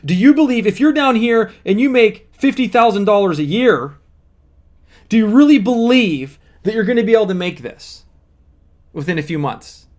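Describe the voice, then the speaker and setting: Coach type, high male voice, earnest explainer who repeats the key points. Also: lively intonation, normal speed, a little mellow. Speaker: manifesting coach. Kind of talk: motivational teaching monologue.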